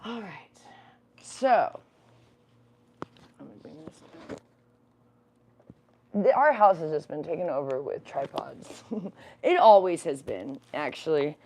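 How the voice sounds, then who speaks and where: A woman's voice: low voice, lively intonation, takes it slowly, long pauses, a little mellow, a little hiss or hum. A young adult woman co-hosting a livestream from home, chatting in a rambling way with many fillers. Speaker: livestream co-host. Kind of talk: casual chat.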